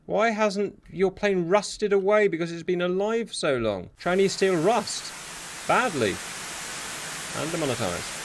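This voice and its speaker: A man commentating on a simulated air and sea battle, excitable and sarcastic, talking straight to his viewers. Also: high voice, measured pace. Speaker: war game commentator. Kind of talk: live gameplay commentary. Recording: steady hiss behind the voice.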